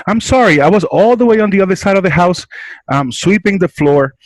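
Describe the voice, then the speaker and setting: A woman's voice: medium pitch, animated, a little fast, a little mellow, no room sound, voice pushed up, lightly acted, poor audio. A man voicing a breathless, flustered older woman who has just run to answer the phone.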